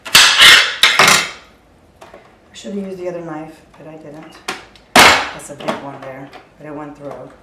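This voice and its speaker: In an echoey home kitchen, a home cook gives a casual cooking demonstration, explaining each step as she works in a low voice at a moderate pace. She is recorded from a distance, off-mic, amid heavy noise of clattering dishes, utensils and drawers.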